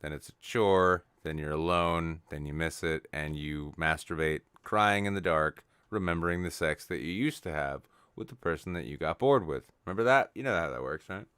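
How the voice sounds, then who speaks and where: A man with a low, resonant voice trades crude jokes on a live podcast. He rambles into self-mocking, deadpan asides. The sound is dry and close. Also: normal speed, few pauses, smooth, no echo. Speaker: podcast co-host. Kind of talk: crude comedic banter. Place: studio, live stream.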